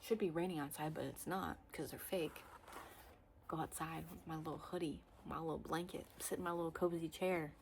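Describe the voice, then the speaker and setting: A young woman chatting casually to camera about her reading, rambling with lots of fillers and excited bursts. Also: low-pitched, fairly quick, a little hiss or hum. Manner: expressive, swings into loud excited bursts. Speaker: book vlogger.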